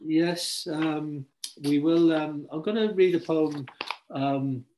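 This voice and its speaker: A man's voice: on the high side, fairly even intonation, takes it slowly, mellow, slight background noise. A man hosting a talk between poets, speaking casually with many ums and restarts. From Liverpool, England. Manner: hesitant, full of ums and restarts. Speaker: host poet and editor. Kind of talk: casual conversation.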